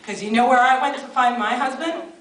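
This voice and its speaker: A woman's voice: high-pitched, a little fast. A woman in her thirties performing a stand-up comedy set, chatty and self-mocking, with lots of ums and asides. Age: 30s. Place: live comedy venue. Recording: far-off roomy live club recording. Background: loud audience laughter and noise.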